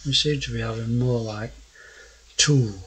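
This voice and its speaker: A man's voice: medium pitch, a little slow, a bit bright, poor audio. An older man with a South Yorkshire accent, narrating his nature vlog in a casual, rambling way, hesitant with frequent fillers and restarts. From South Yorkshire, England. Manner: gruff-sounding. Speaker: naturalist vlogger.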